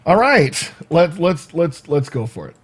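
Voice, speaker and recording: Husky guy rambling on his livestream, joking around, kinda all over the place. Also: a little high, measured pace. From United States. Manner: rambling, self-mocking, animated. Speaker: livestream host. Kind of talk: casual livestream chat. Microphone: home livestream mic.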